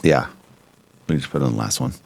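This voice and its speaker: A man's voice: very deep voice, quick pace, vocal fry. A man co-hosting a podcast with his wife, talking in a casual, emphatic, easygoing way. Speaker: co-host, husband. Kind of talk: casual couple's podcast chat.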